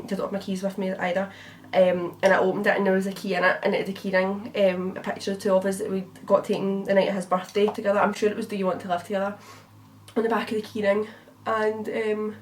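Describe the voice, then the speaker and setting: Fast-talking chatty Scottish woman. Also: medium pitch, recorded from a distance, a little hiss or hum. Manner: chatty, swearing, lots of fillers. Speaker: beauty vlogger. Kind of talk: casual storytelling while doing makeup.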